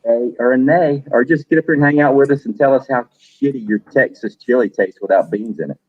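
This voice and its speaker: Middle-aged guy w a husky voice, laid back, talking to his stream, swears a bit. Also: medium pitch, a little fast, no room sound, dull audio. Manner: chatty, profane, greets viewers by name. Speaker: livestream host. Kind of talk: casual livestream chat.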